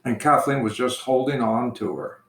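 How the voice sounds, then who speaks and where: A man who is a priest, telling a personal story slowly and gently in casual conversation. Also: mid-range voice, steady tone. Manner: slow, gentle storytelling with restarts. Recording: echoey room.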